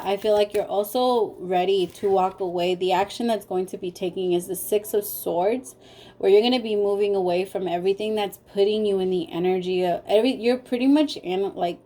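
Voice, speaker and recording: Warm-voiced woman giving a tarot reading. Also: mid-range voice, steady tone, fairly quick. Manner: emotional, talks straight to viewers. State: tearful. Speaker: tarot reader. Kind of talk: casual spoken tarot reading.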